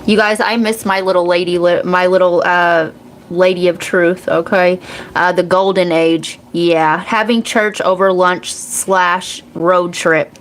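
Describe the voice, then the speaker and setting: A woman's voice: on the low side, steady tone, unhurried, low-quality recording. A woman in her forties hosting a psychic reading channel, talking in a blunt, profane, rambling way and laughing often. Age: 40s.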